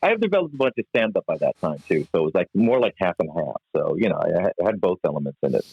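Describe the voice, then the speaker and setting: A man's voice: low-pitched, big pitch swings, rapid-fire, creaky, breathy edge, no room sound. An older man, a comedian and musician, telling stories from his career in an interview and acting out the voices of people he quotes. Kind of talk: storytelling in an interview. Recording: dry, slightly muffled remote audio.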